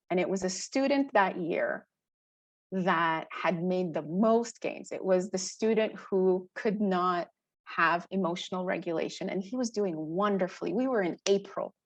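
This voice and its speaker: Woman teacher telling stories in a webinar, expressive, mid pitch, dry close sound. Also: no room sound. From Canada. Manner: animated, expressive storytelling with laughs. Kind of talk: storytelling presentation.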